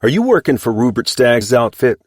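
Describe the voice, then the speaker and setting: A man's voice: mid-range voice, big pitch swings, moderate pace, a little mellow, no room sound, studio quality, voice pushed up. A man voicing a stern young ranch hand who speaks in a firm, clipped, commanding way, often sarcastic.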